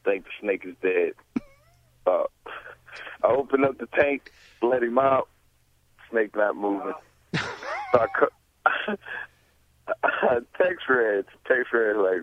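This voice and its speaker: A man's voice: medium pitch, lively intonation, takes it slowly, long pauses, no echo. A man, a guest, telling a story in a laid-back way with short clipped sentences, heard over a tinny phone-like line. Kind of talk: casual storytelling.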